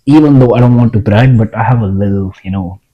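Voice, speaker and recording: A young vlogger from India talks casually to the camera, rambling, repeating himself and restarting lines. His voice is lowish and fast, and the sound is lo-fi.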